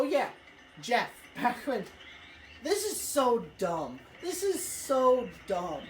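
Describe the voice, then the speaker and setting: A woman telling a rambling, swear-filled school story while playing a racing game, with excitable outbursts. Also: medium pitch. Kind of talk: casual let's-play storytelling. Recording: echoey room, faint music.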